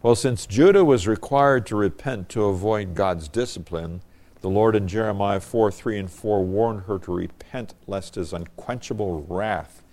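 Deep-voiced man preaching a sermon. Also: a little mellow. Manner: reads scripture with rising emphasis, then explains it plainly; measured and earnest, with occasional fillers. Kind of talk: expository sermon with scripture reading.

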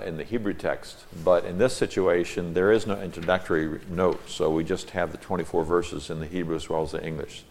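Male Bible teacher, very low voice, reads verses with weight, then explains them plainly. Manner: reads scripture aloud, then stops to explain Hebrew words.

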